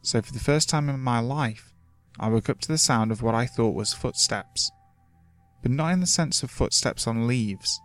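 A man's voice: medium pitch, dry recording. Man narrating a creepy woods story. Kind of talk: scripted horror story narration. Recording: faint music underneath.

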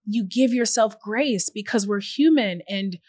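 A woman speaks at a measured pace in a medium-pitched voice with a breathy edge, and no room sound is audible. As a journalist and founder guesting on a podcast, she reflects in a conversational interview. She's an earnest, warm-hearted storyteller who acts out brief quoted messages.

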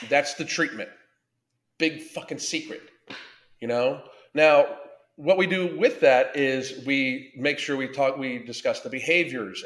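This weight-loss coach runs a livestream in a blunt, heavily profane, casual style, calling out his viewers by name. He has a mid-range voice with a slightly bright tone.

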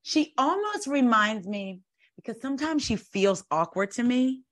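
A woman's voice: a little high, lively intonation, measured pace. A woman, chatting casually about reality TV as a podcast co-host, sassy and blunt with her opinions. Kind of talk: casual reality-TV recap chat. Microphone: video call.

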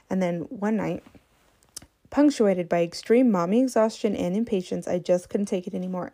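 Woman, 30s, podcast host, chatty and self-deprecating, gravelly fry on her words. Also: lowish voice, warm tone. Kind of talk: casual storytelling podcast.

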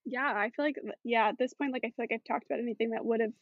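High-voiced woman chatting on a podcast, lots of likes and ums, dull dry sound. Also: steady tone, quick pace, no room sound. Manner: chatty, many fillers like "like" and "um". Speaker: podcast guest. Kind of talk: casual chat.

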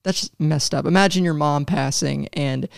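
A man's voice: fairly high pitch, moderate pace, creaky, clear, resonant tone, no room sound, studio quality. A man co-hosting a casual podcast, blunt and profane as he gives listeners advice. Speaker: podcast co-host.

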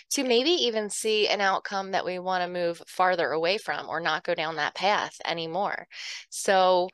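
A woman's voice: medium pitch, a bit bright, dry recording. A woman hosting her own podcast, talking earnestly and emotionally to her listeners and laughing often. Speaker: podcast host. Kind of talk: heartfelt talk to listeners.

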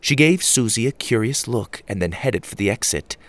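A man narrating a children's adventure story with an animated, expressive read. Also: mid-range voice, normal speed, no room sound.

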